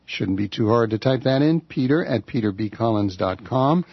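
A man's voice: mid-range voice, animated, moderate pace, slightly rough, dry recording, dull audio. A man guest-hosting a political talk radio show from a studio, talking in a conversational, wry way with filler uhs.

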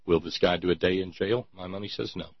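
A man's voice: low-pitched, fairly even intonation, fast, husky, dry recording. A man giving sarcastic, indignant political commentary full of rhetorical questions. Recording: dull lo-fi sound.

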